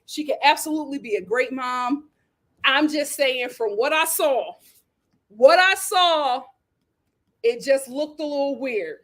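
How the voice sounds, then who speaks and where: A woman hosting a casual reality TV recap, sassy and animated, laughing as she acts out what people said. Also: high voice, a little slow. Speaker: host.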